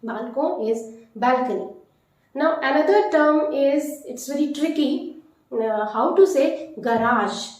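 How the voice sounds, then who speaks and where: Lady teacher, slow, repeats every word, big echo all around. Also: sits high, darkish tone. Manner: repeats each word slowly and deliberately. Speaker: French teacher. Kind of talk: slow vocabulary lesson. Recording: very echoey room.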